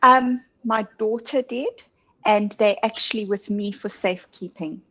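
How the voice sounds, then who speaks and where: A woman's voice: mid-range voice, measured pace, very noisy. A woman who is a client at a psychic reading, answering questions hesitantly with frequent "um.".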